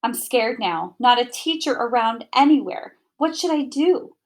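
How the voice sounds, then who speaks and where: A woman's voice: on the high side, measured pace. Woman reading a children's storybook aloud. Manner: gentle, expressive first-person narration. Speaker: storybook reader.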